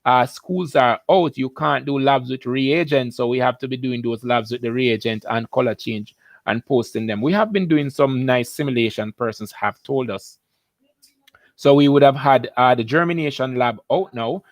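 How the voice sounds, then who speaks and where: A man's voice: mid-range voice, normal speed, no room sound. Upbeat Jamaican man hosting a live lesson. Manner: chatty, greets viewers by name, upbeat. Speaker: biology teacher hosting a live stream. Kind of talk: live-stream lesson with viewer roll call.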